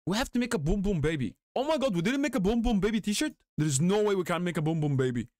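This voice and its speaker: A man chatting excitedly on a live gaming stream, reading the chat aloud and laughing often. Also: sits high, fast talker, no echo, studio quality.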